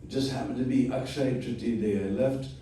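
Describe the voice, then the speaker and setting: A man teaching a storytelling class at an unhurried pace, often checking in with "hmm?". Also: medium pitch, dark tone, a little hiss or hum. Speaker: spiritual teacher. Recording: echoey room from far off.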